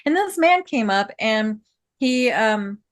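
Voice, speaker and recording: A woman with a rather high, expressive voice speaks slowly as a guest artist and builder on a casual podcast. She tells stories chattily, laughing often and restarting her sentences.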